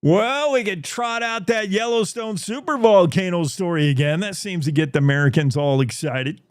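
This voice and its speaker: A man voicing a male London tabloid reporter eagerly pitching a doom story in a comic bit. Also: normal speed, smooth, no echo, clean studio sound, close to an everyday voice. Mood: scheming. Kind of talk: comic impression.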